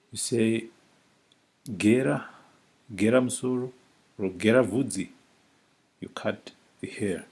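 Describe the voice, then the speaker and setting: A man teaching a language lesson, speaking slowly and deliberately and repeating each word for learners. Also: on the low side, a little mellow, slightly rough.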